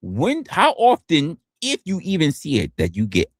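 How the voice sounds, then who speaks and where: Hosting a casual livestream, a man talks at a moderate pace, swearing freely and frequently tripping over and restarting his words. He's animated, with pitch swinging widely, in a dry, studio-quality recording.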